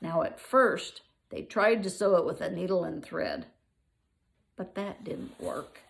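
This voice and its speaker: A woman's voice: on the low side, a little slow, creaky. An older woman reading a children's book aloud, with playful asides to the listener.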